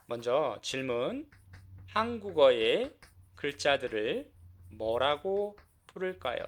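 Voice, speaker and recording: A man with a Korean accent teaching a beginner language lesson, speaking slowly and repeating words for learners. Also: medium pitch, sing-song, fairly bright tone. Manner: slow, repetitive, encouraging teacher talk.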